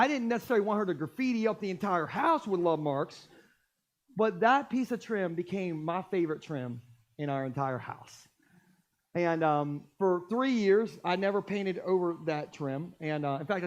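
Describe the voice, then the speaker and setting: Man, pastor, sermon, jokey storyteller, high voice, church. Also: muffled recording. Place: church stage.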